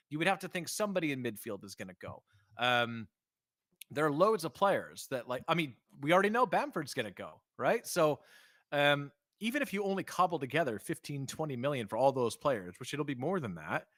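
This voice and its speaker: A man co-hosting a casual football podcast, talking animatedly with frequent laughs and quick restarts. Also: on the high side, very animated, a bit bright, dry recording, clean studio sound. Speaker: podcast co-host.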